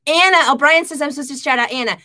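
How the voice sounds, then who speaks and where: A woman hosting a casual live stream from her home kitchen, chatting and shouting out viewers by name. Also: sits high, quick pace.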